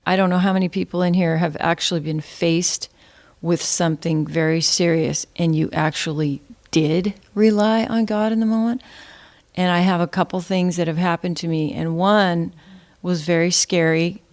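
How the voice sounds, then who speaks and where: A woman's voice: on the low side, steady tone, moderate pace, a little mellow. A woman telling a gathering an earnest, heartfelt personal testimony in a plain storytelling way. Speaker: speaker sharing a testimony with the gathering.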